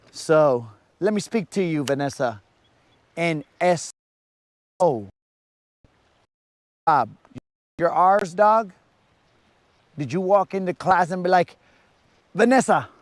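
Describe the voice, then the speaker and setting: Slow slangy teasing man. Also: fairly high pitch, no echo. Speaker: fishing livestream host. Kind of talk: casual live-stream chat. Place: outdoors on a lake, fishing.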